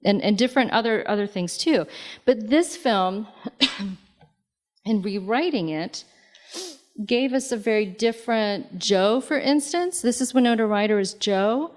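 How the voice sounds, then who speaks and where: A woman author giving a public talk in a library lobby, speaking conversationally with many fillers and lively asides. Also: medium pitch, measured pace. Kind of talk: public lecture.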